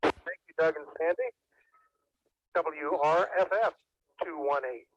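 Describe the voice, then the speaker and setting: A man's voice: a little high, steady tone. A man acting as net control, formally reading a radio check-in script. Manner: measured, formal announcing. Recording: dull radio audio with faint hiss.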